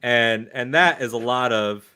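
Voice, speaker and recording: A man co-hosting a casual livestream talk show, easygoing, often trailing off quieter as he thinks aloud. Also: medium pitch, a little slow, smooth. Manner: easygoing, drifts softer and quieter as he muses. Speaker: co-host.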